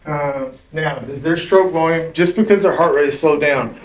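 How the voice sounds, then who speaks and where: Male instructor, relaxed classroom lecture, slightly higher voice, heard from across an echoey room on a dull recording. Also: normal speed, distant mic. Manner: conversational, keeps checking in with "right?".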